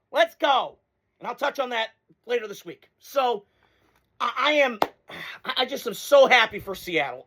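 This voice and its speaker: Excitable man ranting about football. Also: high voice. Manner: excitable and rambling, with profanity and bursts of hype. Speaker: sports commentator. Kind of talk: casual sports talk monologue.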